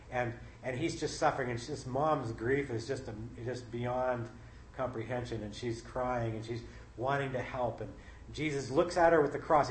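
A man's voice: mid-range voice, slight background noise. A middle-aged man giving an informal sermon in a conversational, folksy way, reading scripture aloud between his own remarks. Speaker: Bible study leader. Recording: roomy with faint ambience.

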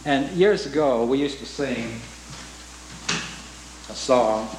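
A man's voice: medium pitch, slow, reverberant, background noise. A man preaching a sermon in an earnest way, asking rhetorical questions and reciting hymn lyrics.

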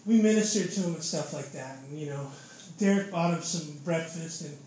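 A young man preaches in a loose, fervent testimony style, calling his listeners "man" and "dude" again and again. His voice sits high for a man. It rings around a very echoey room with a faint hiss of noise underneath. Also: moderate pace, a little mellow. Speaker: lay preacher giving testimony.

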